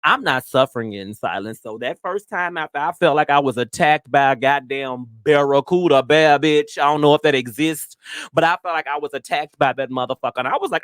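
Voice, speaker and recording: A woman's voice: sits low, fairly quick, no room sound, studio quality. Brassy, profane woman podcast host. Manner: profane, animated storytelling with frequent "girl". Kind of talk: casual chat.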